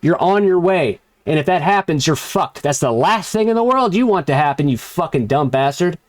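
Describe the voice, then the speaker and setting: A man's voice: on the high side, animated, normal speed. A man hosting a commentary show, delivering an angry, profane rant full of sarcastic mockery. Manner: heated, cursing, sarcastic mocking. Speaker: commentary channel host.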